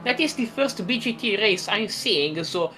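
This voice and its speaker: A woman doing casual live commentary on a sim race, playful and prone to giggling, with bursts of excitement. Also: medium pitch, moderate pace, a little hiss or hum, rough recording.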